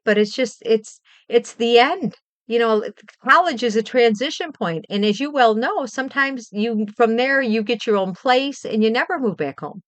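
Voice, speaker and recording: A middle-aged woman from Western New York, with a fairly high voice at normal speed, hosts a livestream in a dry recording. She chats casually and heartfeltly with her viewers, rambling and repeating herself.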